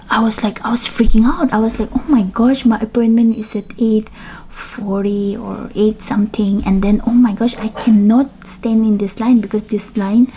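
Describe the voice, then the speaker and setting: Chatty young woman telling a story at home, mellow breathy voice, lots of ums and little whispers. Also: mid-range voice. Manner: chatty, animated retelling with many fillers and soft whispered asides. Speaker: vlogger. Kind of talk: casual storytelling.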